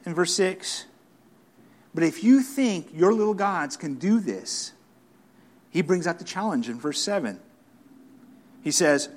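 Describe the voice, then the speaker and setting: A man preaching a sermon, acting out the words of God with questions, repetitions and dramatic pauses. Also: sits high. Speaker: pastor.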